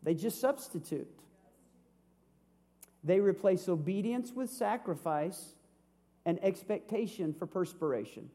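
A man's voice: high-pitched, lively intonation, unhurried, long pauses, mellow. A man in his fifties, a pastor, preaching a sermon with humor and rhetorical questions. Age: 50s.

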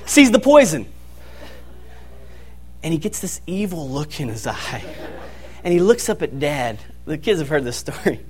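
A young man preaching a sermon, telling a family story in an animated way and laughing as he goes. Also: a little high, a little slow, long pauses. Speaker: pastor.

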